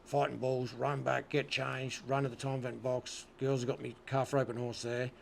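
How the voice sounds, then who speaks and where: Speaking flatly in a creaky, medium-pitched voice at normal speed, this interview guest with an Australian accent relaxes into casual rodeo tales. He swears a lot and keeps asking "you know what I mean," over a faint hiss or hum.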